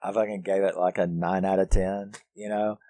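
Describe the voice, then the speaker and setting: A man's voice: low-pitched, level tone, moderate pace, warm tone, dry recording. A man giving a casual, profane review of a horror film, laughing often and acting out lines from it. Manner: profane, laughs often, quotes characters in put-on voices.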